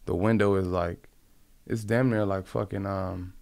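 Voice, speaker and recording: Man, from Compton, interviewee, rambling, profane, slangy, gravelly voice. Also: deep voice, steady tone, unhurried, darkish tone, dry recording. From Compton, California. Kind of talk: casual conversational storytelling.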